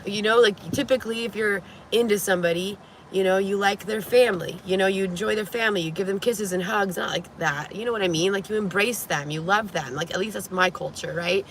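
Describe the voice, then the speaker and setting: A woman's voice: mid-range voice, fairly quick, hardly any pauses, fairly bright tone, slight background noise, rough recording. A woman vlogging in a casual, rambling way, telling a story to camera from inside her van, full of "like" and restarts.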